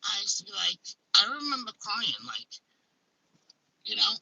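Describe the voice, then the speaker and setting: A woman's voice: medium pitch, moderate pace, creaky, bright, forceful tone, breathy edge, low-quality recording. A woman chatting casually as a host, blunt and emphatic, swearing freely as she talks. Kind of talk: casual chat.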